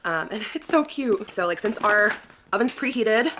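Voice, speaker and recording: A woman's voice: medium pitch, animated, moderate pace, background noise. Gushing, bubbly woman vlogger. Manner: upbeat, gushing, chatty. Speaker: lifestyle vlogger. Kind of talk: casual vlog narration.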